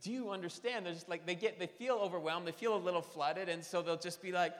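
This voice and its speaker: A man's voice: high-pitched, steady tone, quick pace. A man in his thirties preaching a sermon in a church, conversational and storytelling, with self-deprecating asides. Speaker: pastor. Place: church sanctuary. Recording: long church hall reverb.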